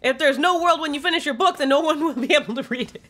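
A woman voicing an eager, heroic young male dog adventurer in a game, reading his lines with excitable gusto. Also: high-pitched, quick pace, faint music behind, pitched above the performer's own voice. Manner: excitable, gung-ho.

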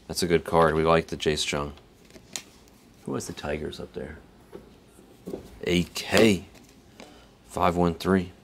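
A man with a deep, low voice talks in a loose, rambling way as he opens packs on a live stream, reading out names and chuckling to himself. There is a faint hiss of background noise under him. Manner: rambling, laid-back, chuckles between remarks, reads card names aloud. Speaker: card break host. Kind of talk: casual live-stream chat while opening cards.

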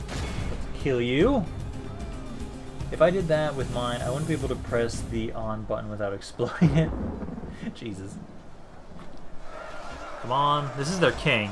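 A young man from Minnesota live-streaming a strategy game, chatting casually with viewers and cursing now and then. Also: mid-range voice. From Minnesota, USA. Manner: chatty and laid-back, swears casually, talks to chat and units. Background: game battle music.

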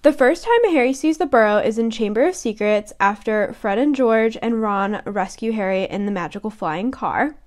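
A woman's voice: fairly high pitch, lively intonation, moderate pace, hardly any pauses. A young woman co-hosting a podcast, chatting casually about a book and giggling as she reads quotes aloud in voices. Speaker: podcast co-host.

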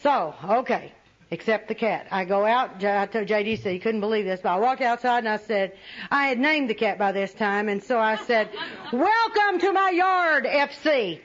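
A woman's voice: mid-range voice, fairly quick. A woman speaking at a recovery meeting, telling personal stories with humor and often laughing at herself. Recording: dull lo-fi recording with faint audience.

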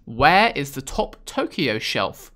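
A British man talks through a video game, his voice bright and forceful. His pitch swings widely up and down. He answers the game with dry sarcasm and mounting exasperation. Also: sing-song, takes it slowly, soft background music. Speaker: gaming video host. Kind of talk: casual gameplay commentary.

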